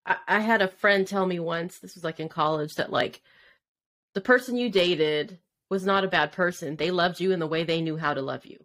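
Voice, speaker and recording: A woman's voice: lowish voice, normal speed, fairly bright tone. Reflective woman podcast co-host. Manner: reflective, asks probing questions, laughs easily. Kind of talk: casual chat.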